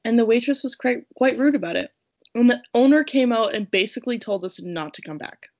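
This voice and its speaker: A woman's voice: fairly high pitch, a little fast, darkish tone, lo-fi sound. Chatty woman reading reviews aloud. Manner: reads reviews aloud, laughing often. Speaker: podcast co-host reading reviews. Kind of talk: casual chat.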